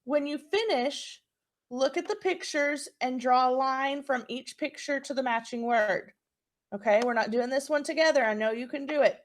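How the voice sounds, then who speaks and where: A woman with a high voice delivers a recorded phonics lesson for little kids, offering encouragement and sounding words out slowly.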